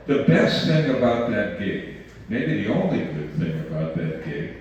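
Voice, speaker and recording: A man's voice: medium pitch, darkish tone, a little hiss or hum. An older man giving a folksy, digressive talk about his career in journalism to a community audience. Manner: folksy storytelling, digressive asides. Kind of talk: conversational lecture with anecdotes. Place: community meeting room. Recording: distant roomy mic in a reverberant hall, muffled.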